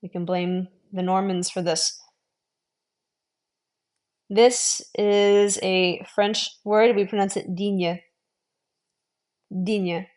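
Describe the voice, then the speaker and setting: A woman giving an online language lesson, modelling sounds slowly, repeating them and adding friendly, encouraging asides. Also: medium pitch, flat delivery, darkish tone. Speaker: language teacher.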